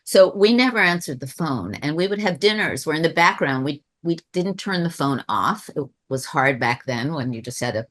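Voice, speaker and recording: A woman's voice: low voice, animated, moderate pace, hardly any pauses, fairly bright tone. A woman telling a personal spiritual story on a webinar, in a reflective, rambling way, often restarting her sentences. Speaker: webinar speaker. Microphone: video call.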